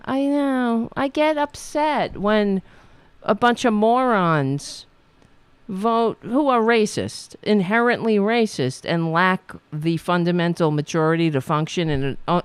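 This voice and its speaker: A woman's voice: mid-range voice, clean tone, no room sound. A woman host ranting about politics, sarcastic and profane, mocking commenters. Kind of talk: angry political rant.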